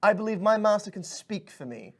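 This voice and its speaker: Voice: mid-range voice, expressive, fairly quick, voice pushed up. A game master voicing a small, courteous pixie servant with a formal, deferential manner.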